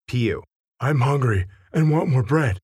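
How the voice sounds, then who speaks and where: A man's voice: medium pitch, expressive, unhurried, a little mellow, breathy edge, no echo, studio quality, voice pushed up. A man voicing a stubborn grown man who whines insistently, in a story reading. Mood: whiny. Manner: whiny, insistent.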